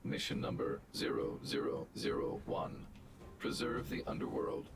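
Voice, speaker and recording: An actor playing a huge stern male robot guardian, speaking in flat mechanical reports in video game dialogue. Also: measured pace, heavy background noise, lightly acted. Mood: calculating.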